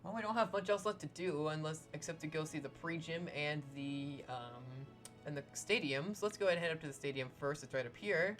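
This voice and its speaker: A woman's voice: low voice, fairly quick, soft background music. A woman hosting a Let's Play, chatting and joking through video game commentary with a sarcastic streak.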